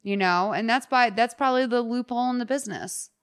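A woman's voice: a little high, fast talker, smooth. A woman hosting a podcast, chatting casually in a blunt, frank and jokey way. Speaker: podcast host. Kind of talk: casual chat.

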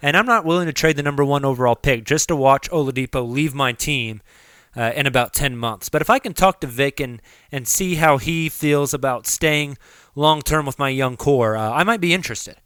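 A cautious executive weighing trade offers, as a podcast host plays him, hesitant and hedging with lots of pauses. His voice is mid-pitched, and the recording is dry and close. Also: fairly bright tone, smooth, no echo, natural voice. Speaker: mock team executive on a trade call.

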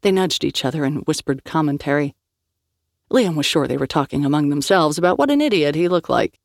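A woman reads a novel aloud as an audiobook narrator, in a measured storytelling manner. The sound is dry and close, with no room echo. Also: low voice, expressive, gravelly.

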